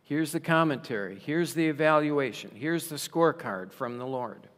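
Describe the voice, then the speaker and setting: A man preaching a sermon in a slow, emphatic way, raising his voice for rhetorical questions. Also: on the high side, animated, a bit bright. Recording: long reverb of a large hall.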